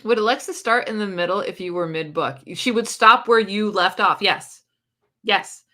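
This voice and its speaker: A woman's voice: medium pitch, moderate pace, sharp tone. A woman hosting a casual livestream about books, chatting loosely, laughing often and reacting to viewer comments. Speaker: book channel host.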